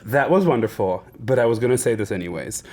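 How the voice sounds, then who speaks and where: Animated joking man podcast host. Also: mid-range voice, fast, slight background noise. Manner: joking storyteller, laughs often. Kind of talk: casual chat.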